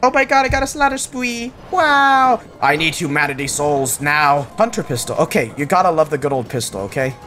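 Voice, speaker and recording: A young man giving casual, jokey gameplay commentary, yelping excitedly when something surprises him. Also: fairly high pitch, a little fast, hardly any pauses, soft background music. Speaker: gaming channel host.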